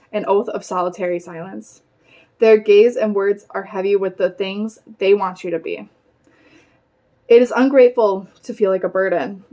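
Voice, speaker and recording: A woman reading a novel aloud in a plain, unhurried way, with occasional stumbles. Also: medium pitch, warm tone. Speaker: reader.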